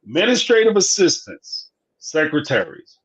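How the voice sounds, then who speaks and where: A man hosts a relaxed live stream, his voice sitting a touch high for a man. He tells his stories with energy, acts out the other people in them and laughs easily. The sound is a little muffled and lo-fi. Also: moderate pace, slightly rough. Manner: animated storyteller, acts out dialogue, laughs often. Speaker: host of a live reality TV review show. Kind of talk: casual live-stream chat. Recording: slightly dull lo-fi sound.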